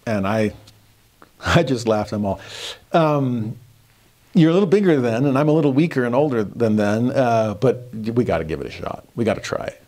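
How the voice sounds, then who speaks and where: A middle-aged man teaching a devotional scripture lesson, telling stories earnestly, moving between hushed and animated delivery. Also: mid-range voice, normal speed.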